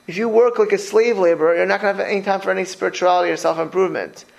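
This informal Torah lecture comes from a rabbi whose voice sits high and rapid-fire, with vocal fry and the highs cut off in the audio. Animated and chatty, he speaks straight to his audience, poses rhetorical questions, and keeps restarting with repeated words.

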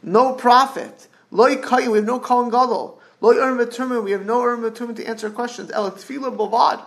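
Gravelly, high-voiced man preaching. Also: fairly quick, fairly bright tone. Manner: earnest, repeats and restarts words, rising emphasis. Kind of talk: sermon storytelling.

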